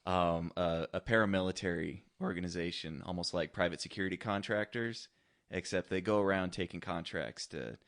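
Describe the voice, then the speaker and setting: A man co-hosting a casual podcast chat in a laid-back, agreeable way, with plenty of pauses and fillers. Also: low voice, fairly even intonation, a bit bright. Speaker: podcast co-host.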